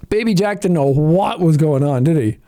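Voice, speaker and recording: An Irish man reacting to his own old gaming videos in casual commentary, animated with loud playful outbursts. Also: on the high side, moderate pace.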